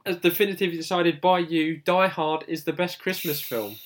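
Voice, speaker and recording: A man's voice: fairly high pitch, steady tone, fairly quick, a little hiss or hum. A man co-hosting a casual podcast, bantering dryly and steering the chat toward the wrap-up. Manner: dry, bantering, steers the show. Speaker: podcast co-host.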